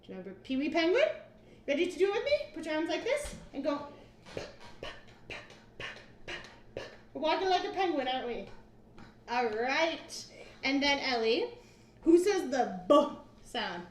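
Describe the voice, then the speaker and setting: A woman's voice: high voice, expressive, normal speed. A woman in her thirties patiently teaching a young child in a home cooking demo, asking simple questions. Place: home kitchen. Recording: echoey room, faint noise.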